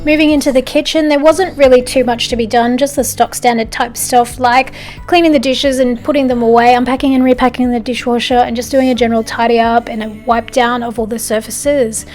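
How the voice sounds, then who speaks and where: Australian woman, somewhat high voice, casual vlog voice-over, chatty and lightly amused. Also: fairly even intonation, fairly quick, darkish tone, faint music behind. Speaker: home and lifestyle vlogger.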